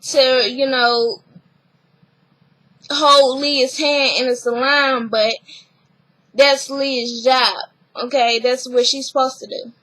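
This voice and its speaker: A young woman vlogger recapping a reality show in casual chat, blunt and animated, swearing freely and laughing often. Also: high-pitched, slow pace, pauses often, poor audio.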